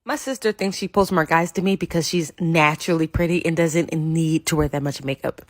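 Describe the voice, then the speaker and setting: Young woman narrating storytime, lowish voice, jumps way up doing other people's lines, dry sound. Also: fairly quick, no echo. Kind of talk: scripted first-person story narration.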